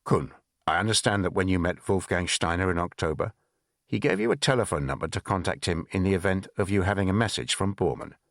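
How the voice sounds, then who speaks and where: A man's voice: low voice, a little fast, no room sound, clean studio sound. A man voicing a stern senior Soviet intelligence officer who gives curt commands. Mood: commanding.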